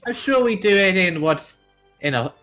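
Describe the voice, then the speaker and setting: A man's voice: sits high, animated, moderate pace, sharp tone, soft background music. A man playing a tabletop game, chatting casually with wry, joking banter. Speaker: player.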